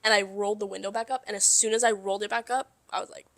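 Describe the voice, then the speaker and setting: Bright, animated young woman storyteller. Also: mid-range voice, racing, no echo. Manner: animated storytelling with swearing and laughter. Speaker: podcast co-host. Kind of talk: casual chat.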